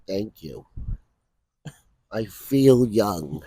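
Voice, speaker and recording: A man in his forties, a comedian guest in casual comedic chat outdoors at a backyard grill, joking and bursting into loud shouted bits. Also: lowish voice, lively intonation, drawn-out words, husky, no echo. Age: 40s.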